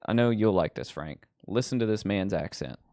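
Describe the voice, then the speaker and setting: A man's voice: fairly low pitch, animated, normal speed, darkish tone, no echo, studio quality. A man hosting a livestream, rambling casually with lots of ums and likes. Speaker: livestream host.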